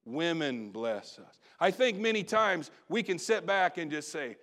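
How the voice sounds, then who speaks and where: Man, high voice, pastor, middle-aged, storytelling sermon, animated with hushed asides. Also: a little slow. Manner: animated storyteller with sudden drops to quiet asides.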